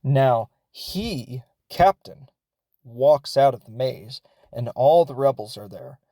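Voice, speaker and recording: A man's voice: medium pitch, animated, slow pace, warm tone, no room sound. A man hosting a podcast, recapping a film in a casual, rambling way, with lots of fillers and laughs as he goes. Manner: rambling and chatty, many fillers; laughs as he talks. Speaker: podcast host.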